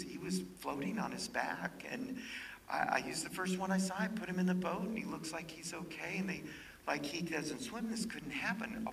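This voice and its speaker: Gravelly man preaching a dramatic story. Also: on the high side, recorded from a distance, a little hiss or hum, rough recording. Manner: dramatic storytelling, drops to hushed whispers. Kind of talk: storytelling sermon to a live audience.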